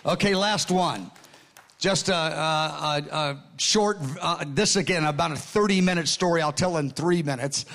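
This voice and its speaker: A man in his sixties preaching a sermon, telling stories in an excited, earnest way with frequent restarts. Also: a little high, unhurried. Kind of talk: sermon storytelling.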